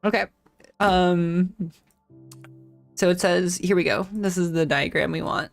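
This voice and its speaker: A woman's voice: on the low side, a little slow, creaky, faint music behind. A woman hosting a casual live-stream tech talk, thinking aloud with restarts, self-corrections and casual swearing.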